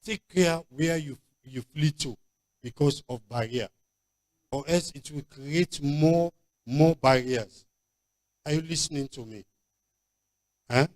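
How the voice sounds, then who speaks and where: A man's voice: fairly high pitch, slow pace, pauses often, darkish tone. A man with a Nigerian accent preaching a sermon as pastor, emphatic and repetitive, with frequent stop-start restarts. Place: church convention hall.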